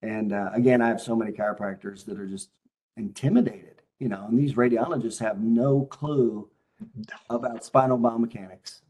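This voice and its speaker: A man's voice: mid-range voice, steady tone, normal speed, dark tone. A man hosting a casual interview, a chiropractic consultant who asks leading questions in a coaching tone.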